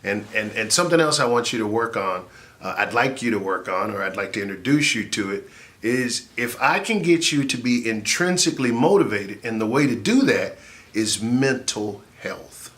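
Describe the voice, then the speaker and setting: Man, comedian, motivational talk, lively, jokey, pitch leaps up for emphasis. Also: normal speed. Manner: animated, jokey, rising to shouts for effect. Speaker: comedian and laugh therapist.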